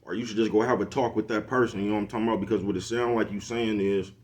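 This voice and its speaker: A man's voice: on the low side, steady tone, very fast, darkish tone. A middle-aged man, giving a preachy casual monologue to camera and constantly asking if you know what he's talking about. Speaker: social media commentator.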